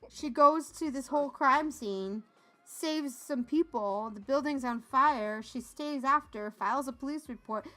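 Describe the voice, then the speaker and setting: A woman's voice: a little high, fairly bright tone. A young woman co-hosting a podcast, chatting casually and sarcastically, often laughing. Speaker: podcast co-host. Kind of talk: casual chat.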